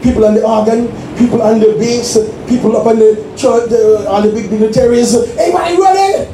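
A man's voice: very high voice, a little fast, mellow. A man preaching an exuberant Pentecostal sermon as pastor, calling out for the congregation to respond. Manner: exuberant, calls for responses, laughs. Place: church sanctuary. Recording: echoey church room from far off, faint noise.

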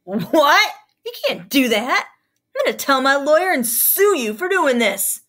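A woman reading aloud as a rude, defiant teenage boy bully in a storybook scene, shouting and dismissive. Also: high voice, sing-song, normal speed, slightly rough, full character voice.

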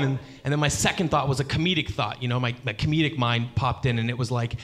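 A man doing stand-up comedy, telling a story in an animated way and acting out the people in it. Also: quick pace. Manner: animated, acts out characters with big jumps in pitch.

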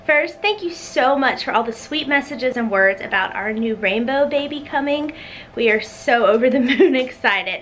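A woman's voice: fairly high pitch, fairly bright tone. A young woman gives a chatty, upbeat tour of her home for a vlog, a little out of breath, with lots of fillers. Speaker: homeschooling mom vlogger.

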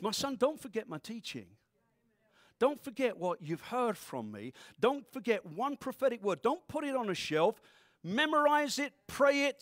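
A man preaching to his congregation in a lively, joking way. His voice sits high and swings widely up and down. The sound is dry and close, with no room echo. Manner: animated preaching with playful voices and asides. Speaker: pastor. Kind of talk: sermon.

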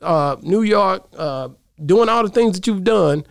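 A male host with a gravelly edge and a somewhat high voice, recorded dry and close. He chats in a laid-back, slangy way and keeps the conversation going with steady agreement. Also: a little slow, no echo. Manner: laid-back, slangy, affirming with many yeahs. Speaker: interview host. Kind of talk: casual interview talk.

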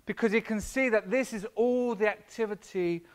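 Man, high-pitched, pastor, casual sermon, filler-heavy, self-deprecating asides. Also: normal speed. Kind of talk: conversational sermon. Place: church.

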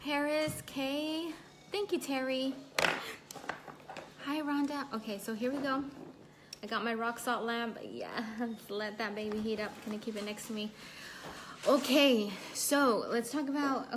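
A woman's voice: on the high side, fairly even intonation, unhurried, noisy background. A young woman chatting casually on a home livestream, telling a personal story and stopping to greet and thank viewers. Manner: chatty, reads viewer comments aloud. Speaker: livestream host. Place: at home indoors.

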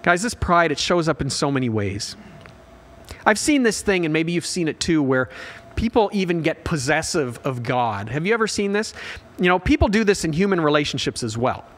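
Earnest preaching man, slightly high voice. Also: big pitch swings, normal speed, a bit bright. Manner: earnest and direct, often addressing listeners as "guys". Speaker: pastor. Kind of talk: midweek sermon.

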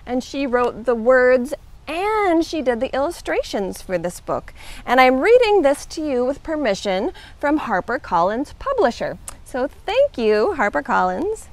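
A woman librarian doing a children's storytime reading, animated and expressive. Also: high-pitched, unhurried. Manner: animated, expressive read-aloud.

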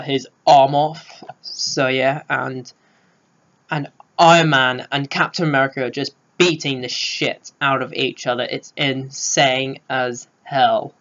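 A man talks through his favourite film moments in a slow, unhurried way, gushing with praise and filling every pause with hesitations. His voice sits at an ordinary middle pitch. The recording sounds dull and lo-fi. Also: fairly bright tone. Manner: gushing, lots of filler words. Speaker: film vlogger. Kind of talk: casual spoiler review.

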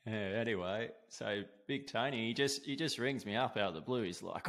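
A man telling stories in a relaxed, casual way as an interview guest. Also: on the low side, normal speed, creaky. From Australia. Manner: laid-back, lots of "dude" and "like", laughs while telling. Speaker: guest, osteopath. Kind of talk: casual storytelling.

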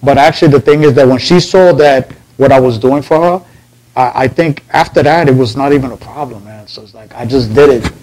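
A man's voice: medium pitch, a little fast, darkish tone, low-quality recording. A man from the Bronx, a guest on an interview show, telling heartfelt personal stories in an earnest way. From Bronx, New York. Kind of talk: casual interview chat.

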